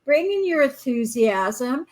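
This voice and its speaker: High-pitched woman cohost, peppy and encouraging, reading oracle cards on a chill podcast. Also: takes it slowly, rough recording. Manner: encouraging, animated, acts out little quotes. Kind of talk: casual spiritual podcast chat.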